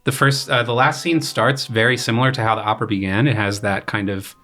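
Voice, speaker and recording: Quick and medium-pitched, a young man chats casually on a podcast about the opera he composed as a grad student. His relaxed explanation is packed with fillers and paraphrased quotes.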